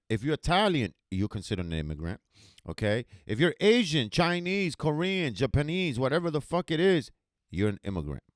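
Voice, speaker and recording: Animated, swearing male talk show host. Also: medium pitch, no room sound, studio quality. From United States. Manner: emotional, swearing, emphatic. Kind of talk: heated commentary to camera.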